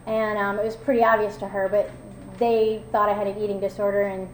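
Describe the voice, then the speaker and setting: A woman's voice: medium pitch, little pitch movement, fairly quick, slight background noise. A woman telling her own recovery story at a meeting, candid and self-mocking, with many fillers. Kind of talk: personal testimony talk. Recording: echoey room with faint ambience.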